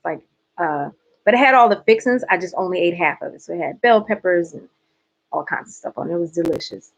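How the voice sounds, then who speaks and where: A woman's voice: lowish voice, animated, fairly quick, dull audio. A woman from Georgia with a light Southern accent, chatting playfully with her viewers in a casual livestream. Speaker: host.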